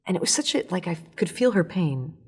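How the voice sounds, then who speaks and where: A woman speaking as an author and guest in a casual interview, telling stories in a lively way with acted-out voices. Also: lowish voice, fairly quick, husky. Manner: animated storytelling with acted voices and laughs.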